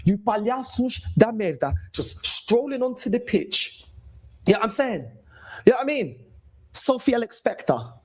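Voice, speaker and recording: A man's voice: very high-pitched, sing-song, a little slow, rough recording. A man in his thirties with a London accent, ranting and swearing as host of a fan call-in show, mocking other fans. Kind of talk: angry fan rant.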